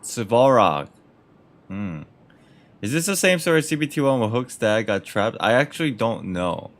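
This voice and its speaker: A man's voice: medium pitch, expressive, normal speed. A man doing casual gameplay commentary as a streamer, chatty, joking and reacting aloud. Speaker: gaming streamer.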